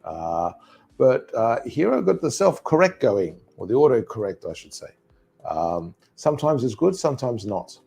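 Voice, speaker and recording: A man teaching English alone in a live online lesson, repeating phrases slowly for pronunciation practice. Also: medium pitch, sing-song, creaky, warm tone, slightly rough.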